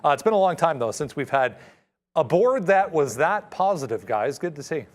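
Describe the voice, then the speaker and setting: A man co-hosting a studio show, giving a measured, calm market recap with some fillers. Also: fairly high pitch. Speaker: market analyst co-host.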